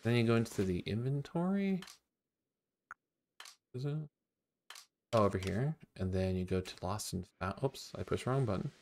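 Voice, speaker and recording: A man streaming a video game, talking casually and getting excited about each new find. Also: fairly low pitch, normal speed, pauses often, slight background noise. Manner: excitable, gasping and laughing at new discoveries. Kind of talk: casual gameplay commentary.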